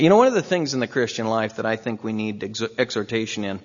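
A man preaching a sermon as pastor, earnest, swinging from emphatic high peaks to low, soft exhortation. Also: animated, fast talker, few pauses. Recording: muffled long-reverb hall sound.

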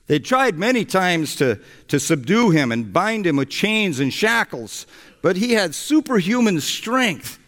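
Slow, expressive male preacher in a hall. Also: fairly high pitch. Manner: slow, storytelling delivery. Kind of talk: sermon. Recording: echoey hall.

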